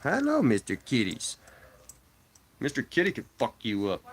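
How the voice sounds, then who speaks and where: A man's voice: medium pitch, wildly swooping pitch, moderate pace. A man in his thirties from Canada, streaming live, chatting casually, swearing bluntly and cooing at his cat in a raised voice.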